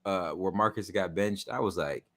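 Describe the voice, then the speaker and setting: A man's voice: sits low, moderate pace, no room sound. A man co-hosting a casual sports podcast, joking and riffing with lots of restarts. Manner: animated, jokey, lots of restarts. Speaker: podcast co-host.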